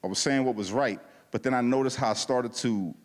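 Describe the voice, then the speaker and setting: A man's voice: mid-range voice, fairly quick. A man giving a casual, slangy testimony at a church service, telling his story with lots of animation and acting out the dialogue. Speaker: guest speaker at a church service. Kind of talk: testimony talk. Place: church hall. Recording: long hall reverb.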